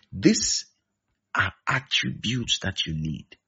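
A man's voice: fairly low pitch, very animated, measured pace, creaky, breathy edge. A man preaching a sermon, emphatic and repeating his key phrases. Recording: dull lo-fi recording.

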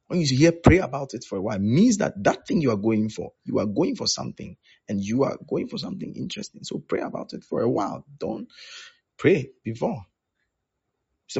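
Male pastor, husky gravelly voice, dull lo-fi sound, preaching. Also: mid-range voice, a little fast. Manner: animated storytelling, acting out both sides of conversations. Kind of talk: sermon.

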